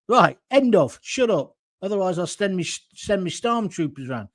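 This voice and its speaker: A man's voice: high-pitched, sing-song, moderate pace, hardly any pauses. A middle-aged man giving a sarcastic, indignant political rant as an online commentator. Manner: slips into mocking impressions. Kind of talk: ranting political monologue.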